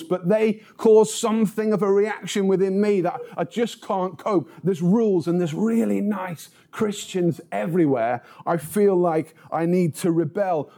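Guy preaching, kinda high voice but soft and mellow, jokey story bits. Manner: humorous storytelling. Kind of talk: sermon.

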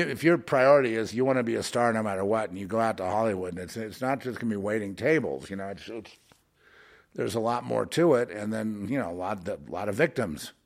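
A man rambling through a monologue, halting and repeating words, dropping to mutters and then rising into heated outbursts. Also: lowish voice.

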